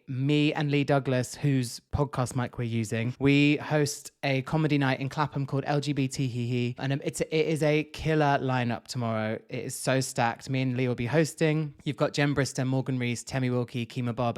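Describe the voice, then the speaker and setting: A man's voice: mid-range voice, clear, resonant tone. A man co-hosting a podcast, talking casually and playfully, laughing often. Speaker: podcast co-host.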